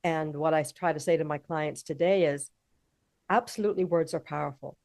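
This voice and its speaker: A woman with a low voice and a gravelly edge tells a personal story as an interview guest. She speaks candidly and with plain emotion, like an entrepreneur opening up about her past. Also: brisk, a little mellow. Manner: emotional, heartfelt.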